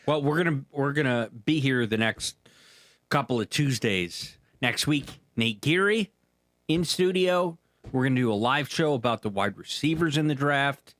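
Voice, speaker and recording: A podcast co-host with a mid-range, slightly bright voice speaks expressively at a normal pace, bantering casually and announcing upcoming shows. He sounds easygoing but hesitant, with fillers, and the studio-quality recording is dry.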